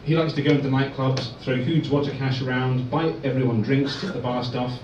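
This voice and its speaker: A man performing a stand-up comedy set in a club, telling deadpan one-liners. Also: medium pitch, fairly quick, distant mic, noisy background. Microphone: far phone recording. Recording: echoey dull phone recording from afar.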